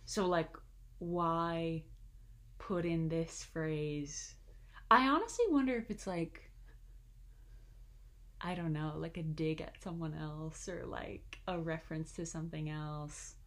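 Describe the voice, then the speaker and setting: A young woman with a lowish voice talks loosely as a podcast co-host. She trails off, hedges and restarts, filling gaps with "like". Her speech is casual and conversational. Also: slow, pauses often. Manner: chatty, hedging with frequent "like" and "I don't know". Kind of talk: casual chat.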